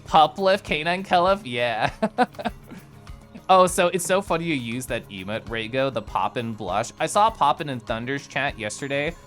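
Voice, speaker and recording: A man streaming live, chatting casually with his viewers and reading their messages in an animated, giggly way with playful swings in his voice. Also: mid-range voice, measured pace, soft background music.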